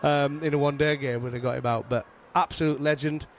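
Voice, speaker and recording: A man's voice: fairly high pitch, quick pace, a little hiss or hum. A middle-aged man with a Yorkshire accent, telling stories in a casual chat as a guest. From England. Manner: animated storytelling, frequent restarts. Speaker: guest, former fast bowler.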